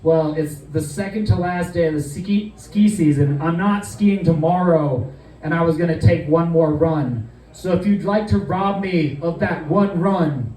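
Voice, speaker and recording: A man's voice: fairly high pitch, measured pace, mellow, echoey room, recorded from a distance, rough recording. A man telling a loose, profane comedic story, rambling along with plenty of fillers.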